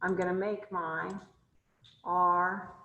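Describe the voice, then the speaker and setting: A woman's voice: fairly low pitch, level tone, takes it slowly, sharp tone, echoey room, muffled recording, slight background noise. Woman teacher quizzing her class online. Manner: asks students questions, thinks aloud while drawing. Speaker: chemistry instructor. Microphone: video call.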